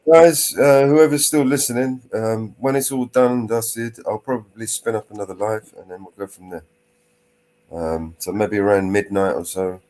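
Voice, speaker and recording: A man's voice: fairly low pitch, fairly even intonation, normal speed, darkish tone. A man hosting a livestream, bantering crudely and teasing as he swears freely. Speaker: livestream host.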